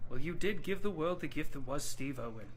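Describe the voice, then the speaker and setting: A man's voice: fairly high pitch, lively intonation, fairly quick, a little hiss or hum, lightly acted. A man with an Australian accent playing a brash, cheeky bloke in a comedy sketch, trading crude, mocking banter. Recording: played video with music behind.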